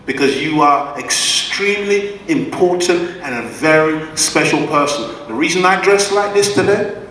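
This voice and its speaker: A man whose voice is on the high side and a bit bright speaks expressively at a moderate pace. He's a guest speaker at a community event giving an emphatic, preacher-like address to a responsive live audience. The recording, made in an echoey hall, has his voice far off with a little hiss or hum.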